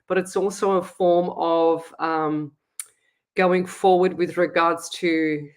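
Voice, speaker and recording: A middle-aged Australian woman hosting a live psychic stream, who chats in a rambling way and then leads a slow, soothing guided meditation. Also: on the low side, fairly even intonation, clean tone. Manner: slow, soothing, repetitive guidance; chatty, rambling self-explanation. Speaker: psychic medium host. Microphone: webcam on a live stream. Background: soft meditation music.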